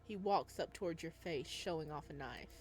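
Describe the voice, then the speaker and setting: A woman playing a game, reading its narration aloud and reacting excitedly, talking back to the character. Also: deep voice, normal speed. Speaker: game player.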